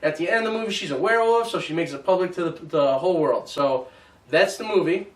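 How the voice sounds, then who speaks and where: A man hosting a casual movie review chat, animated and teasing. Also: high-pitched, fast talker. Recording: roomy echo, mic at a distance.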